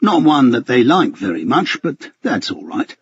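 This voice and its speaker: A man's voice: medium pitch, very animated, moderate pace, breathy edge, no room sound, lo-fi sound. A man voicing a suave, ironic male spy handler in an audiobook, mock-formal and dryly polite. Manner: mock-formal and dryly polite, calls others sir and master. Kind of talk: audiobook character voice.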